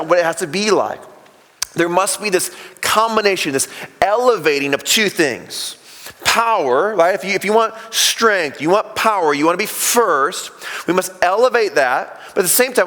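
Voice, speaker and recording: Lively male pastor in an echoing church. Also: a little high. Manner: animated storytelling, acting out quoted voices. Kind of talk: sermon. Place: church sanctuary. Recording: long hall reverb in church.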